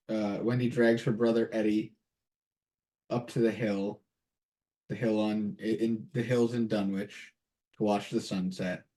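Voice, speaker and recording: A man playing a tabletop game, narrating his character's scene in a calm, measured way. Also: on the low side. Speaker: player. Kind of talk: tabletop role-play narration.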